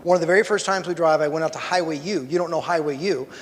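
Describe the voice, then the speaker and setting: In a church Bible class, a rural Missouri man tells personal stories, pokes fun at himself, and works up to preachy emphasis. His voice is a little high, he talks fast, and the sound carries a big-room quality.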